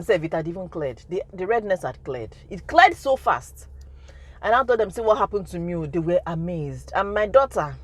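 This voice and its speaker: Nigerian woman, 30s, vlogger telling a testimony with animated, emphatic delivery. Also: fairly low pitch, no room sound. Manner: emphatic, repeats phrases for effect. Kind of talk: storytime testimony vlog.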